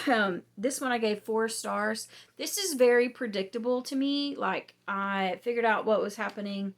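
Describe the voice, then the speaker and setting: A woman hosting a casual book review, chatty and rambling with many ums, her voice going hoarse. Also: fairly high pitch, a little slow. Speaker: book reviewer, channel host.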